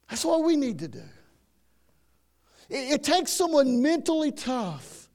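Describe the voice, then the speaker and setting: A man's voice: extremely high pitch, expressive, moderate pace, darkish tone. A man preaching a sermon, folksy and emphatic, repeating himself and often saying "man". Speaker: pastor.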